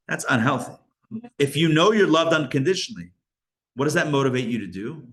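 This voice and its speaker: A male rabbi teaching a live Kabbalah class, animated, asking rhetorical questions and breaking off his own sentences. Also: medium pitch, fairly quick.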